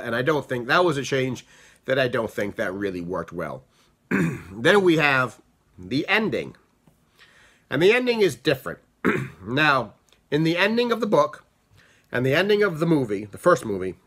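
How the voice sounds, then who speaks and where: A man giving a casual spoken review of a film, talking in an animated, rambling way with frequent restarts. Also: mid-range voice. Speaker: book and movie reviewer.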